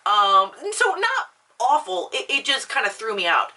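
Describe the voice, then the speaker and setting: A woman's voice: on the high side, very animated, normal speed, sharp tone, far from the mic. A young woman vlogger ranting casually about a film, swearing often, full of fillers and restarts. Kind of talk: casual rant.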